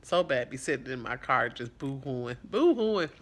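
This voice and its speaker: A man talks casually to camera about life as a foster parent. His voice is bright and forward at a middling pitch. He comes across as earnest and reflective, with a loose, rambling flow. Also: steady tone, moderate pace. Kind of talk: casual vlog talk.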